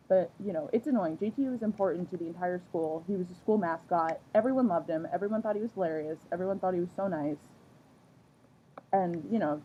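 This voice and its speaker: A woman's voice: on the low side, fast. A young woman ranting to camera, swearing often and filling her talk with "like". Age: young adult. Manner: swears often, heavy "like" filler, fired up. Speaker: vlogger. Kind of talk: angry rant to camera. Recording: dull lo-fi audio, faint hiss.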